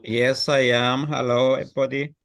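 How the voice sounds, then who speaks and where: A man's voice: mid-range voice, flat delivery, normal speed. A man from Cyprus, giving a short, earnest introduction on a video call. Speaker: web developer.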